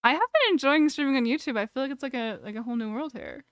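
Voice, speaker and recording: A woman's voice: high-pitched, animated, fast, clear, resonant tone, no echo. A young adult woman streaming, chatting casually and jokingly as she reacts to a video, often trailing off.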